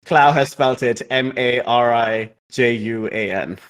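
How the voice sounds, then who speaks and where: A man's voice: medium pitch, measured pace, fairly bright tone, smooth. A man running a tabletop game as game master, narrating in a rambling way full of fillers.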